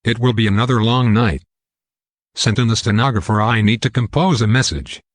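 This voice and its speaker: A synthetic male text-to-speech voice voicing a weary, stern military colonel in a storybook reading, with a flat delivery. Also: medium pitch, brisk, no echo, natural voice. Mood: irritated.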